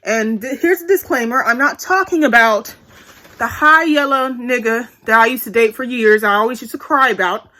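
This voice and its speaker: A woman's voice: a little high, moderate pace, pushed and bright. A woman in her twenties telling a candid, profane story to her viewers in a blunt, chatty vlog. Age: 20s. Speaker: vlogger.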